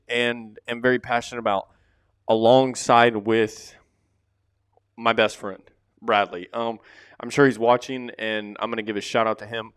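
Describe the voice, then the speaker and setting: Podcast host, male, smooth voice, dry close-mic sound, loose rambling delivery. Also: medium pitch, a bit bright, no room sound. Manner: loose, rambling, drops casual fillers. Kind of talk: casual solo podcast talk. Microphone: close to the microphone.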